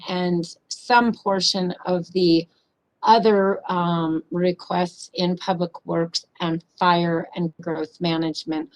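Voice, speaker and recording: Hurried woman presenting a county budget. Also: lowish voice, poor audio. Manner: businesslike, many ums and uhs, hurried delivery.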